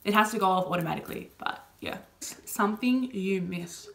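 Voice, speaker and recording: A woman's voice: mid-range voice, animated, normal speed, vocal fry, fairly bright tone, slight background noise. A young woman answering personal questions in a casual, open video chat, full of "like" and "you know". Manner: chatty, heavy on "like" and "you know" fillers; open and emotional. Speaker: vlogger.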